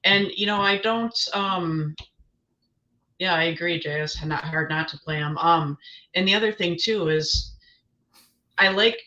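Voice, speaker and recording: A woman's voice: fairly low pitch, measured pace, long pauses, sharp tone, dull audio. A woman guest giving her picks in casual chat, hesitant, with many ums and restarts. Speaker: guest analyst.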